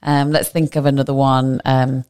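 Low-voiced woman explaining medicine. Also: level tone, normal speed, darkish tone, smooth. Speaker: medical guest explaining eye infections. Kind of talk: casual explanatory chat.

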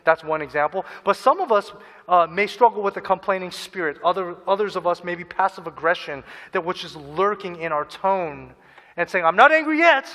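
A man's voice: on the high side, fairly bright tone, big-room sound. A man preaching a sermon in earnest, acting out people's inner voices and repeating phrases for emphasis. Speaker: pastor.

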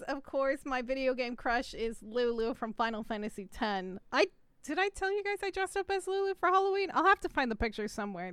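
A young woman co-hosting a casual podcast, loud and laughing, swearing often. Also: high voice, smooth, no echo. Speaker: podcast co-host. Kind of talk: casual live-stream chat.

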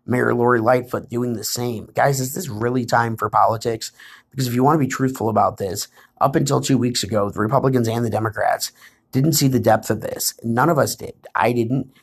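A man's voice: medium pitch, steady tone, a little fast, gravelly, husky. A man hosting his own political commentary show, sounding tired and talking urgently to his viewers, often calling them "guys". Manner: urgent, repetitive addresses to "guys". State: tired, yawning.

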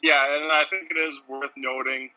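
A man's voice: a little high, flat delivery, moderate pace, bright, forceful tone, no echo, low-quality recording. A man in a casual podcast chat, dryly offering trivia and facts.

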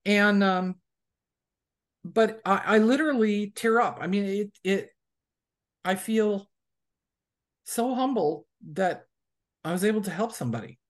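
Chatty woman author, animated storyteller, everyday mid-range voice. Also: medium pitch, measured pace, long pauses. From USA. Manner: chatty storyteller who acts out quoted people. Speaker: romance author, guest. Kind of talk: casual interview chat.

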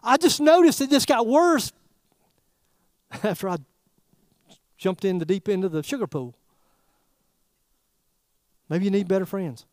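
A man preaching a sermon in a folksy, animated way, throwing rhetorical questions at the congregation. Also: high voice, measured pace, long pauses, no room sound, studio quality. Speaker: pastor.

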